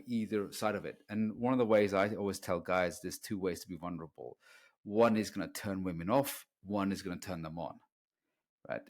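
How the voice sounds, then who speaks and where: A middle-aged man co-hosting a podcast, speaking earnestly and getting animated when he quotes others. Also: fairly low pitch. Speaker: podcast co-host, dating coach. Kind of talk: casual podcast conversation.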